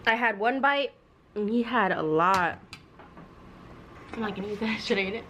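A woman's voice: mid-range voice, moderate pace, fairly bright tone, a little hiss or hum. A young woman co-hosting a casual home vlog, bantering and teasing playfully at a table. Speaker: vlogger co-host.

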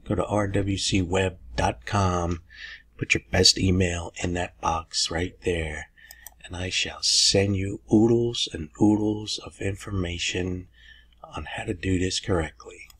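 A man hosting a casual screen-recorded software tutorial, folksy and chatty with lots of "okay"s. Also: low voice, fairly even intonation, measured pace, breathy edge. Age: older. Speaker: tutorial host.

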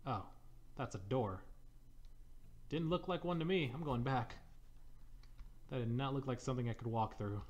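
A man's voice: medium pitch, moderate pace, long pauses, dull audio. A young man giving sarcastic, profane, jokey commentary while playing a video game. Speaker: let's play commentator. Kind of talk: casual gameplay commentary.

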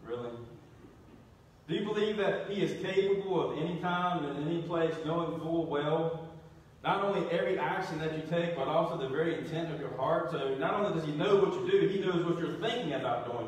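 A pastor preaching a sermon in a church sanctuary, his voice set somewhat high for a man. He keeps it conversational, putting questions to the congregation and restarting his sentences with repeated words. The mic sits far from him, so the hall's heavy echo and a faint hum of room noise surround everything he says. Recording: echoey church, distant mic.

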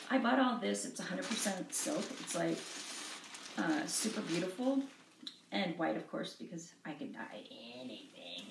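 A middle-aged woman with a low, gravelly voice talks through her supplies at home, chatty and self-deprecating. She trails off and laughs often, and the room around her rings with echo. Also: sing-song, moderate pace, noisy background. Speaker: craft vlogger showing cross-stitch supplies. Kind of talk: casual rambling show-and-tell.

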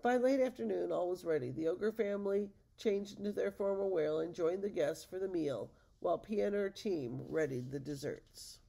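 A woman reading a picture book aloud to listeners, in a gravelly voice. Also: on the low side, moderate pace, few pauses, mellow. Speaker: storybook reader.

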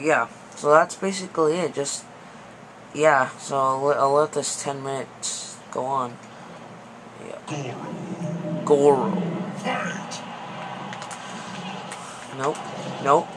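A young man giving excitable, panicky commentary over a fighting game, pleading and yelling at it. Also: mid-range voice, slow pace, long pauses. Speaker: gaming video host. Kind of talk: gameplay commentary. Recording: noisy background.

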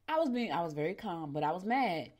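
Chatty middle-aged woman with a lowish voice. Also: fairly quick. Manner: chatty, addresses listeners as "y'all"; animated, with sudden jumps in pitch and loudness. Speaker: morning show host. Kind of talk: casual storytelling and horoscope reading.

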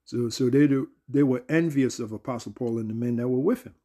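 A man teaches scripture in a loose, conversational way. His voice is husky and dark in tone. He restarts phrases and keeps checking in with his listeners. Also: medium pitch, a little fast. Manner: conversational, repeats words, asks "all right?". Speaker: Bible teacher. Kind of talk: casual Bible teaching.

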